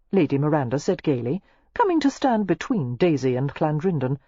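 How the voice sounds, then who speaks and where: A woman narrating a romance audiobook in a steady, expressive storytelling manner. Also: low voice, a little fast, no echo, dull audio.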